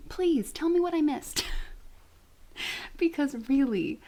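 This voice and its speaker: A woman hosting a casual reaction vlog, chatty and self-deprecating, who often drops to a soft whisper and coos baby talk to her pets. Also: high-pitched, animated, unhurried, pauses often. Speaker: reaction video host.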